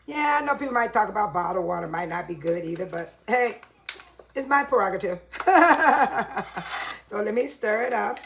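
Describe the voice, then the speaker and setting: A woman's voice: mid-range voice, expressive, fairly quick, vocal fry, a bit bright, slight background noise. A woman chatting to viewers in her home kitchen, casual and laughing often. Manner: chatty, laughs a lot, addresses viewers as y'all. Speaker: vlogger. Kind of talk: casual kitchen vlog talk.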